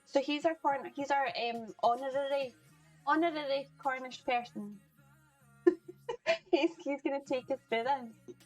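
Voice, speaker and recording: A woman's voice: high-pitched, a little slow, pauses often, soft background music, rough recording. Chatty woman livestream cook. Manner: chatty, greets chat by name, laughs often. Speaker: livestream cooking host. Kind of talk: casual chat with viewers while cooking. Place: home kitchen.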